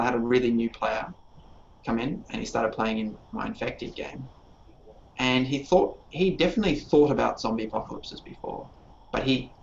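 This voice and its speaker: A man's voice: mid-range voice, gravelly, slight background noise. A man who designs games, chatting enthusiastically on a podcast panel and telling stories about his players. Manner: enthusiastic, storytelling, rambling. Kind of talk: casual panel discussion. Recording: dull lo-fi recording.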